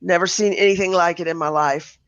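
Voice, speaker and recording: A man recovering from the flu, chatting on a podcast in a rambling way with many halting restarts. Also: high voice, steady tone, a bit bright, smooth, no room sound. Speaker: podcast co-host. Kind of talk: casual chat. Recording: dull dry lo-fi mic.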